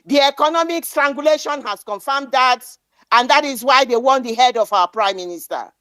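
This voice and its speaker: A woman's voice: high-pitched, moderate pace, a bit bright, no echo. A woman giving an impassioned political speech, defiant and declamatory, repeating lines for emphasis. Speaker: speaker at an online activist meeting.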